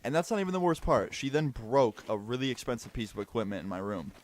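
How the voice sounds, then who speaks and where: A young man casually recounting a personal story as a vlogger, chatty and animated with lots of "like" fillers. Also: mid-range voice, fast talker, a little hiss or hum.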